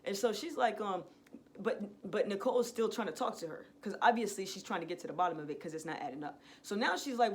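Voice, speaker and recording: A young adult woman vlogger in a casual storytime, retelling events in a profane, slangy, animated way. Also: mid-range voice, quick pace.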